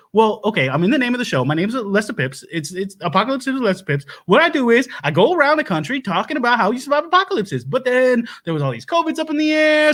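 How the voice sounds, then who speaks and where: A man's voice: extremely high pitch, a bit bright, exaggerated voice. A man playing a folksy, easily flustered doomsday prep lecturer who hosts a comedy livestream, rambling and stammering as he reads viewer comments. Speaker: host of a comedy web show. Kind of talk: improvised comedy livestream character. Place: home setup, said to be a bunker.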